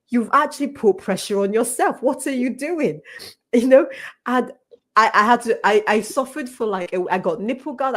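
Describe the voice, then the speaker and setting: A woman in her thirties, a health professional, talking candidly in a live panel discussion and laughing often. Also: on the high side.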